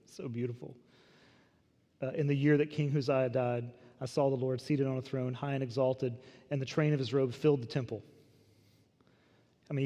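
Male pastor, sermon, conversational with jokes, slightly high voice, church hall reverb. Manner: conversational, joking asides, swings from loud emphasis to soft.

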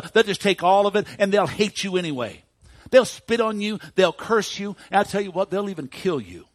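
A man's voice: mid-range voice, slightly rough, no room sound. A man voicing a gloating male devil who brags about ruining people. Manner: gloating and taunting.

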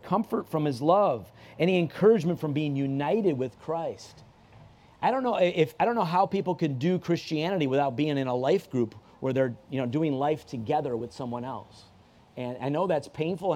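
A man preaching at a church service with a mellow, rather high voice. He talks to the congregation plainly and conversationally, restarting his sentences and repeating key lines for emphasis. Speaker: pastor. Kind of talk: sermon.

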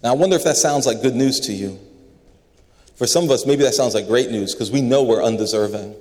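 Here a pastor preaches briskly and earnestly, his mid-range voice a little mellow, repeating words often to underline his points. He's in a large building, and the sound carries a large hall's long reverb.

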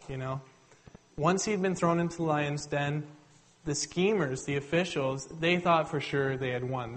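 A man preaching a sermon, retelling the story in a conversational, animated way and addressing listeners directly. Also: a little high, low-quality recording.

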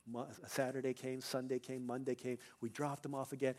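A young male pastor preaching a sermon, telling a personal story and building to loud, emphatic peaks. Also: medium pitch, flat delivery, fairly quick, hardly any pauses.

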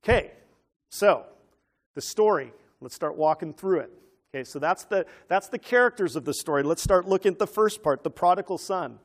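High-voiced man preaching. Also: moderate pace. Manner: animated, asks the listeners questions. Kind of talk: teaching sermon on a parable.

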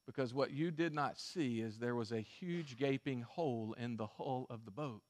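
A male pastor preaching a sermon and telling a story, swinging from emphatic stretches to hushed ones. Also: medium pitch, moderate pace.

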